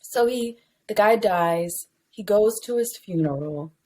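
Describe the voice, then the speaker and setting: A woman co-hosting a podcast, telling stories in a casual, slangy, animated way with frequent laughter. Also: mid-range voice, measured pace, a little hiss or hum. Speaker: podcast co-host. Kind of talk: casual chat, storytelling.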